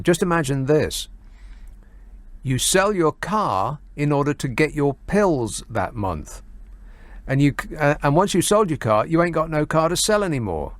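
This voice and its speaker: A man with a fairly high voice hosts a radio phone-in from the studio, with no echo on the sound. His talk-radio monologue is sarcastic and chatty, packed with fillers and mocking asides.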